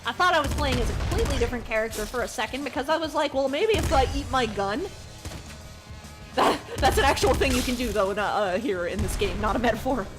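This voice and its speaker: Woman, streamer, jokey, self-deprecating, high voice, loud game music. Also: fast. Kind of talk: live gaming stream commentary.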